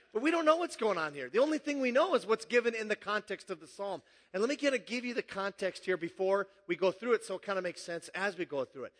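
A man preaching a sermon in a relaxed, joking, conversational way. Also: high voice, fast talker, long reverb tail. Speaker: pastor.

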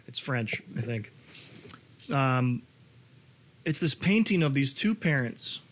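A man in his thirties preaching a sermon, animated and rising to near-shouting when he reads scripture. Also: medium pitch, slow pace. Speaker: pastor.

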